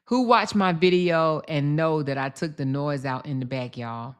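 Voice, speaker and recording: A young woman hosting a livestream, chatting casually with viewers and reading their comments aloud, jumping up in pitch when she gets excited. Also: normal speed, clear, resonant tone. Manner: chatty, addresses viewers directly, reads out chat; animated, jumps up sharply in pitch when excited. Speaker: livestream host.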